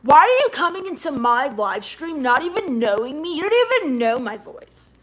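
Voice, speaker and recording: A woman live streamer reading chat messages aloud in a sarcastic, mocking way that turns snappy and quick-tempered. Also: sits high, very animated, a bit bright.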